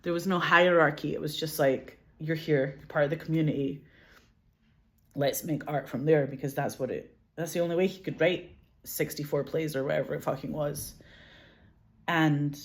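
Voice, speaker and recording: A woman with a Glasgow Scottish accent, chatting casually as an interview guest, animated, laughing often, swearing and saying "like" a lot. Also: low voice. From Scotland. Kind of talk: casual chat.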